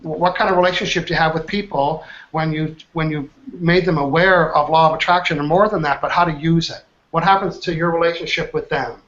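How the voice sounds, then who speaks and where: Energetic man, high voice. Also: fairly quick, few pauses. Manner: energetic, quizzes the group with questions. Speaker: trainer, workshop host. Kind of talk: live online training session. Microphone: online video call. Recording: dull lo-fi call audio.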